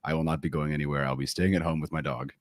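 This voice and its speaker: A man's voice: rumbling low, steady tone, rapid-fire, dry recording, studio quality. A man co-hosting a podcast while sick, his voice nasal and congested but his tone cheerful. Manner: cheerful despite illness. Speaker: podcast co-host. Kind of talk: casual podcast chat.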